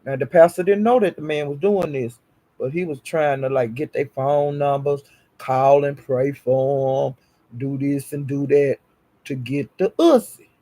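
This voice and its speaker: A man telling a gossipy story in a casual, animated way. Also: medium pitch, unhurried.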